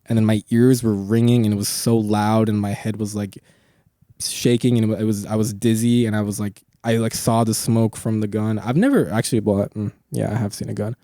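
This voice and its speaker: A man's voice: fairly low pitch, steady tone, fairly quick, warm tone, no echo, studio quality. A young man hosting a podcast, telling long rambling stories in casual chat, full of swearing and filler words. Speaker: podcast host.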